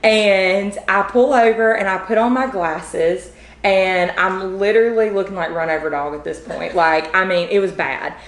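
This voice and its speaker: A woman's voice: mid-range voice, moderate pace. Chatty woman in a roomy space. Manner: chatty, animated, many fillers. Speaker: podcast guest. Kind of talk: casual storytelling. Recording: roomy echo.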